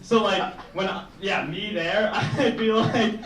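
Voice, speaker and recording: A man's voice: high-pitched, a little slow, a bit bright. A young man doing a stand-up set, rambling and chuckling at his own jokes. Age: young adult. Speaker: stand-up comedian. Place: small indoor comedy room with audience. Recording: echoey room mic from far off. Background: audience laughter.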